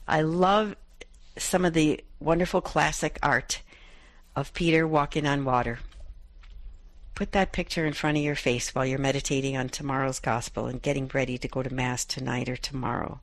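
Hosting a Catholic radio show, a middle-aged woman gives a devotional scripture reflection, going back over a gospel passage verse by verse aloud. Her pitch is low, her pace moderate, and the recording dry.

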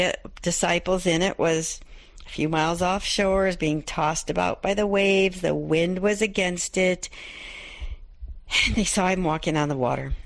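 A woman's voice: fairly low pitch, dry recording. Woman, middle-aged, devotional talk, repeats scripture lines, dry recording. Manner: reflective, rereads scripture verses aloud. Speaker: Catholic radio host.

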